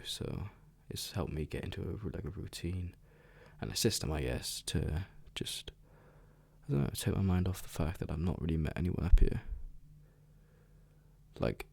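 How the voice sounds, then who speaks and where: A young man rambling casually in a soft, half-whispered ASMR chat, full of fillers and the odd swear word. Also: sits low, moderate pace, vocal fry. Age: young adult. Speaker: ASMR creator.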